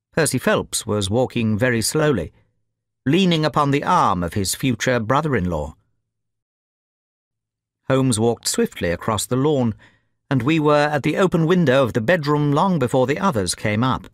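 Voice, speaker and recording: Male storyteller, clear learner-friendly reading, varied intonation. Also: medium pitch, animated, moderate pace, no echo, clean studio sound. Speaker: audiobook narrator. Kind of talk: scripted story narration.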